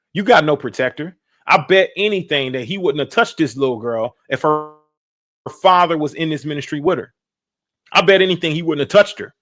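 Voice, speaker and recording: Guy doing a reaction livestream, pitch sits a bit high, keeps hammering points home and checking in with the chat, kinda preachy. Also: fairly bright tone. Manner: emphatic and preachy, repeats phrases, asks the listeners "right?". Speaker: podcast host reacting on a live stream. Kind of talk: live-stream reaction commentary.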